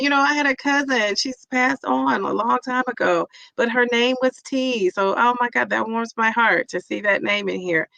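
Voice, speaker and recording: A woman's voice: fairly high pitch, normal speed, gravelly, hardly any pauses, sharp tone, dry recording, lo-fi sound. A middle-aged woman hosting a casual live-stream chat, reading viewer comments aloud and cheering people on.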